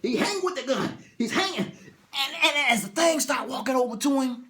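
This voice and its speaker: A man casually retelling a TV episode, animated, acting out scenes and laughing. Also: very high voice, a little fast.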